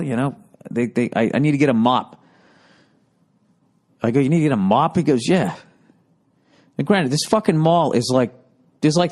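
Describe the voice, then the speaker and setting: A man telling profane, rambling stories on a podcast and acting out the people in them. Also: on the low side. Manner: profane, animated, acts out quoted voices. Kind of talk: podcast storytelling, rambling monologue.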